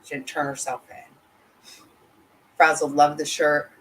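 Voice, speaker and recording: A woman's voice: deep voice, level tone, slow pace, low-quality recording. Woman, livestream host, casual commentary, blunt, indignant, profane. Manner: blunt, indignant, swears freely. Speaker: livestream host reading chat.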